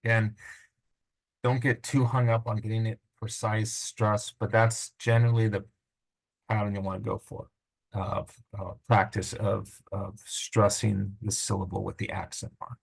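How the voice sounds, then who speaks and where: Low gravelly man teaching Greek sounds. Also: flat delivery, rough recording. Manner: patient, informal, sounds out words slowly. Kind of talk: recorded lesson on pronunciation.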